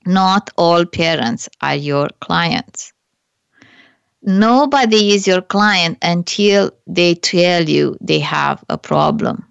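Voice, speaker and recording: A woman's voice: lowish voice, slow, gravelly, clear, resonant tone, dry recording, highs cut off. A woman hosting a business coaching show, talking earnestly through her own stories, with hesitant restarts. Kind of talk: solo advice talk to camera.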